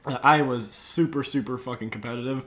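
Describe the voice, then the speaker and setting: A man's voice: medium pitch, normal speed, a bit bright. A man telling a story in casual podcast chat, laid-back and profane, laughing along as he goes. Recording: echoey room.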